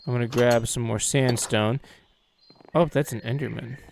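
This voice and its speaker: A man's voice: mid-range voice, fairly even intonation, moderate pace, vocal fry, a little hiss or hum. A man hosting a game let's-play, chatting to himself and to viewers in a casual, musing way, humming now and then as he plays. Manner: chatty, talks to himself, muses out loud, hums as he plays. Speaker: gaming channel host.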